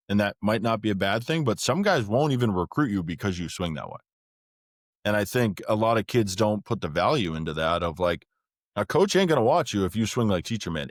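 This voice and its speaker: A man with a very deep voice leads a casual podcast chat, speaking in a measured way as he gives his own opinions. The sound is close and dry, with no echo from the room. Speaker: podcast host.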